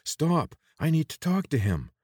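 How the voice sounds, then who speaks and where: A man's voice: mid-range voice, sing-song, a little fast, a little mellow, dry recording, clean studio sound, voice pushed up. A man voicing an impulsive young male hero who speaks urgently and pleadingly. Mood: anxious, pleading.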